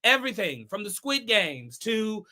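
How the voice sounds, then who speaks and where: A woman's voice: medium pitch, big pitch swings, unhurried, sharp tone. A woman from the Bay Area hosting her own show, giving casual commentary in a chatty way with repeated words and emphatic asides. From San Francisco Bay Area. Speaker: talk show host.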